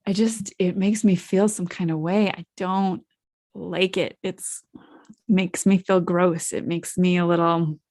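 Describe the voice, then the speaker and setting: A woman's voice: fairly low pitch, level tone, a little slow, darkish tone. A woman hosting her own podcast in a solo monologue, reflective and asking the listeners questions. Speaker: podcast host.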